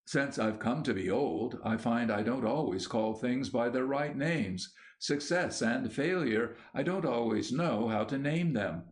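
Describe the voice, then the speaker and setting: A man voicing an aging, gentle bishop who speaks in a soft, measured, sorrowful way. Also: medium pitch, lively intonation, lightly acted. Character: aging gentle male bishop, wistful and tired.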